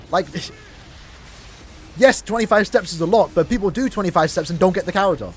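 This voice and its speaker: There's a little hiss or hum behind this high-pitched, quick-paced young man. An Irish streamer, he chats casually with viewers over a mobile game, rambling, restarting often and speaking to chat.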